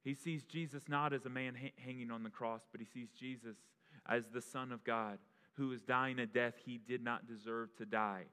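A man's voice: mid-range voice, steady tone, normal speed, bright, forceful tone, clean tone. A pastor preaching an impassioned sermon, often restarting his phrases. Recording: long reverb of a large hall.

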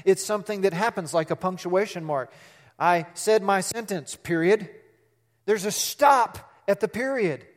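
Middle-aged pastor guy preaching, kinda high voice, lively, asks the crowd stuff, echoey church. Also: unhurried. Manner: animated preaching, acts out quotes, asks the congregation questions. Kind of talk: sermon.

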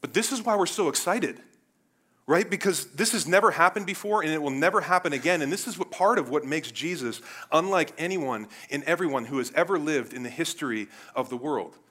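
Bright-voiced, animated male preacher. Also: a little high, brisk. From Cleveland, United States. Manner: conversational and animated, swinging between loud bursts and quiet asides. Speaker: pastor. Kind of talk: sermon.

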